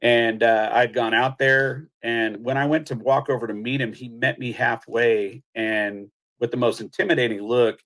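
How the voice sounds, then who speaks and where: A middle-aged man from Missouri tells stories in a relaxed, conversational interview. He speaks at an ordinary, mid-range pitch. He tells anecdotes with energy and acts out the quotes. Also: normal speed, hardly any pauses. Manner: animated anecdote-telling, acts out quotes, laughs. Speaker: guest, country singer. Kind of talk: casual storytelling interview.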